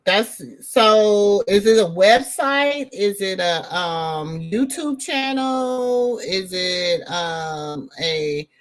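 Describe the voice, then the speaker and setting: A woman's voice: medium pitch, lively intonation, extremely slow, hardly any pauses. A middle-aged woman with a Southern drawl hosts a casual chat, reacting to viewer comments in a rambling, slangy way. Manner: rambling, talks straight to viewers, leans on slang.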